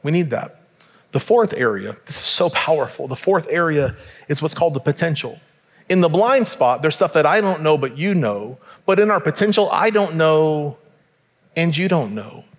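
A man with a high voice preaches to his congregation, talking to them conversationally and putting questions straight to them. His voice rings with the long reverb of a church hall. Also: animated, moderate pace. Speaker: pastor. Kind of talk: sermon.

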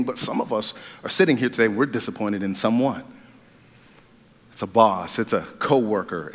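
Joking, animated man preaching in a hall. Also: mid-range voice. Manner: playful and joking, with loud excited bursts. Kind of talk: sermon. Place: large church hall. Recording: long hall reverb.

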